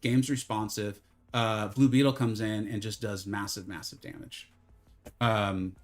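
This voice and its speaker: Casual male game streamer, mid-pitched, self-deprecating, with faint background music. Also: a little slow. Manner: chatty, self-deprecating, bursts into mock infomercial hype. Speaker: gaming streamer. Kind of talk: live game commentary.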